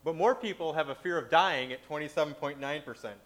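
A man's voice: fairly high pitch, brisk, a bit bright. Man, sermon, conversational, filler-heavy delivery. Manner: conversational, many "you know" fillers. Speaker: preacher.

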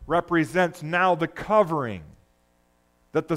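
A man preaching a sermon, moving between loud, urgent peaks and hushed, low passages. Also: sing-song, a little slow. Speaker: pastor.

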